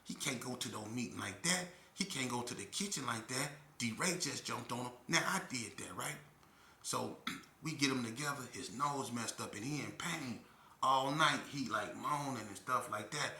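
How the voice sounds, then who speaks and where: Animated man telling a story, echoey room. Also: medium pitch, normal speed. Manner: animated, acts out quotes loudly. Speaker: storyteller guest. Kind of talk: casual storytelling.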